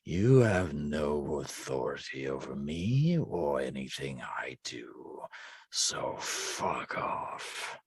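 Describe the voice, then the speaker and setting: A man's voice: extremely low pitch, big pitch swings, slow pace, breathy edge, no room sound, pitched below the performer's own voice, heavily acted. A man voicing a grim, defiant imprisoned orb spirit, curt and dismissive. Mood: scornful.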